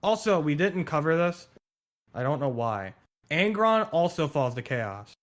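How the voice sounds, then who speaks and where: A man in casual chat, excitedly explaining game lore, swearing and going on tangents. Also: a little high, unhurried.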